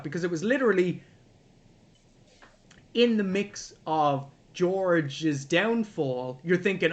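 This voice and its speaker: Animated man reviewing a film. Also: sits high, a little slow. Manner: animated, swearing, acts out scenes. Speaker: podcast co-host. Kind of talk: casual film review chat.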